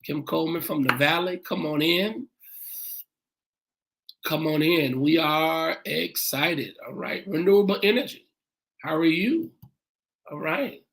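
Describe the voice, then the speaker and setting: A pastor hosting a church livestream, greeting viewers by name and repeating "come on in" in a casual, welcoming way. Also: male voice, fairly high pitch, unhurried, creaky, long pauses, fairly bright tone.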